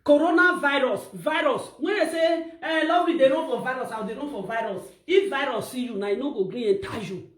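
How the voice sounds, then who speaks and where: High-voiced, animated Nigerian woman vlogger. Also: a little fast, echoey room. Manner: animated, mocking, bursts of shouting. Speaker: vlogger commentator. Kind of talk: gossip commentary vlog.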